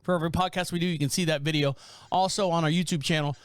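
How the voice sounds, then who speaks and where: A man's voice: on the high side, very fast, clean tone, dry recording. A man hosting a podcast, talking casually and laughing often as he comments on a video clip. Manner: animated, laughs often, chatty with fillers. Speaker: podcast host.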